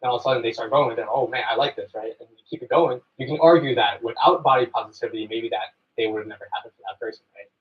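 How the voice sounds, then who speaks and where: A man in a podcast discussion making his point calmly and checking in with "right?". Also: medium pitch, very fast, hardly any pauses. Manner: reasoned, with lots of "right?" checks. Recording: distant dull audio from a played clip.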